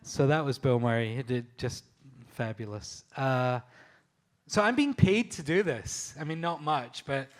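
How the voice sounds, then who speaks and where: A photographer from Scotland, speaking with a Scottish accent, shares enthusiastic anecdotes at a live panel talk in a mid-range voice at a measured pace. He laughs often, restarts his sentences, and uses plenty of fillers.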